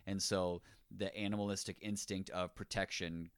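A man with a very deep voice talks excitedly about a film, tumbling over his words and restarting sentences. The sound is dry and close, with no room around it. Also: normal speed, clean tone, dry recording. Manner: enthusiastic, rambling, restarts often. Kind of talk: casual film discussion.

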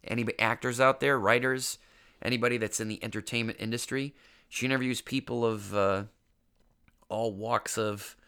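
Young guy podcast host, stuffy congested voice, rambly self-roasting story, swears a lot, kinda sharp tone. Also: mid-range voice, fairly even intonation, normal speed, clean tone. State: congested, getting over an illness. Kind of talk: casual storytelling monologue.

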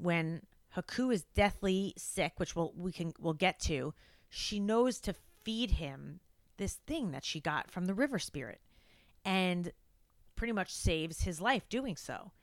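A woman co-hosting a podcast, chatting animatedly through a film recap and leaning into the story. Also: dry recording. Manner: animated, acts out quotes in a high frantic voice. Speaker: podcast co-host. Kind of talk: casual chat recapping a film.

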